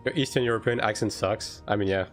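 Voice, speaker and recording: A man chatting casually on a live game stream, answering chat with lots of fillers and quick bursts. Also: lowish voice, soft background music.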